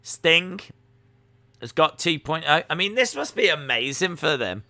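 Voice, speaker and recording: A man's voice: on the high side, sing-song, unhurried, sharp tone. A man hosting a live stream, reacting to wrestling in casual commentary, joking and answering chat messages. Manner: jokey, reads out and answers chat.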